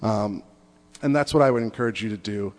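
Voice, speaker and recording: A man giving an earnest advice speech to an audience, halting and restarting his phrases. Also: on the low side. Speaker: conference speaker. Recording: long hall reverb.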